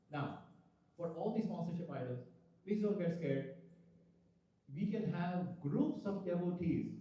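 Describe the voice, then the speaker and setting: Man announcing, echoey and distant. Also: fairly high pitch. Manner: enthusiastic, rising to loud exclamations. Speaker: ceremony announcer. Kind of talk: speaking to devotees at a ceremony. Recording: very echoey, from far off the mic.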